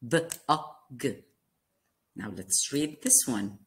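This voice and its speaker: A woman teaches young children their vowel sounds at a very slow pace, spelling each word letter by letter. Her voice sits low, but the pitch swings widely as she asks questions and encourages them. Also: lively intonation. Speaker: kindergarten teacher. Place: classroom lesson video.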